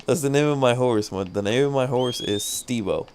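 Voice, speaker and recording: A man's voice: medium pitch, moderate pace, darkish tone, a little hiss or hum. A man streaming live gameplay, commentating, swearing a lot and laughing at his own frustration. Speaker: gaming streamer.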